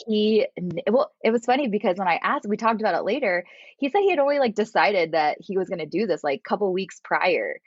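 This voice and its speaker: A woman's voice: medium pitch, expressive, brisk, slightly rough, no room sound, dull audio. A woman guest casually telling a story, acting out quotes and laughing often. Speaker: podcast guest.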